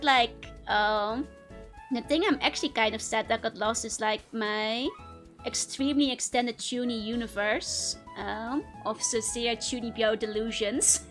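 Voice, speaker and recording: A woman's voice: fairly high pitch, fairly bright tone. A young woman streamer chatting casually with viewers, giggling often between phrases.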